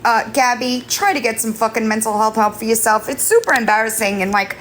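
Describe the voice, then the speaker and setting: A woman hosting a casual livestream from home on her phone, switching between high sing-song baby talk to her kittens and chatty remarks to viewers. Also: fairly quick, fairly bright tone, a little hiss or hum. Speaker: livestream host.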